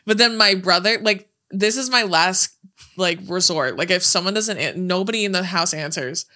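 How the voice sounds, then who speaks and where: This is a young woman in casual chat with a bright, sharp tone. She swears freely and laughs through her stories. She slips into voices to replay phone calls with her relatives. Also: on the low side, normal speed. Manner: profane, laughing storyteller who acts out family calls.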